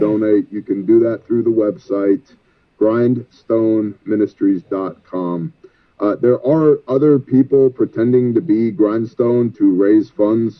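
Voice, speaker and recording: A man who leads a disaster relief ministry, telling stories earnestly and with a preaching tone as an interview guest. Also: on the low side. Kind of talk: guest interview over the phone. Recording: tinny phone line.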